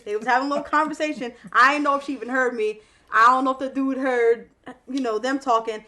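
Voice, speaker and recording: A woman with a high, bright voice co-hosts a casual podcast chat. She tells stories in an animated, chatty way. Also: fast talker. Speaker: podcast co-host.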